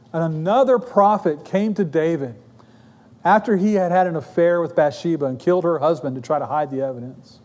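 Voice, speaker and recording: A middle-aged male pastor with a high, light voice delivers a sermon in a church. He tells stories with humor and acts out his family's dialogue. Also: darkish tone. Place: church sanctuary.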